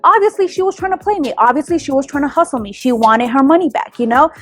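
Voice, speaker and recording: A woman's voice: high-pitched, fast. Chatty young woman telling a storytime. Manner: animated, talking to viewers with many fillers. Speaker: lash artist. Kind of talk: storytime vlog.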